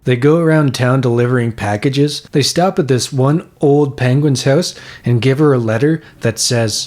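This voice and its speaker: A man narrating a comedy cartoon recap in a deadpan, matter-of-fact way. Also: mid-range voice, normal speed, few pauses, soft background music.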